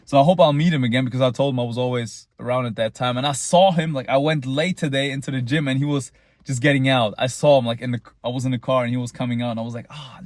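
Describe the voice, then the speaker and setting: A man's voice: medium pitch, no room sound. A young man, rambling casually in a boastful, tongue-in-cheek monologue. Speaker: vlogger.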